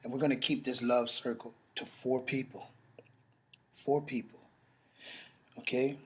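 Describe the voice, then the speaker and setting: A man giving an emotional, halting testimonial and sales pitch, repeating his phrases and pausing to sigh, as if recorded on a home camera. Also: level tone. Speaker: network marketing presenter.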